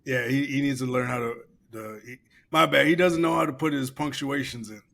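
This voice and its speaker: A man's voice: mid-range voice, a little fast, gravelly, fairly bright tone. Laid-back profane podcast guy. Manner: loose, profane, laughing while reading aloud. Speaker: podcast co-host. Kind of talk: casual podcast chat.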